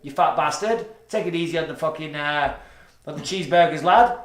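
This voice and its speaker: A man's voice: fairly high pitch, a little fast, roomy sound. A man hosting a podcast, chatting casually, joking and swearing a lot. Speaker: podcast host. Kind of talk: casual chat. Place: studio room with lighting setup.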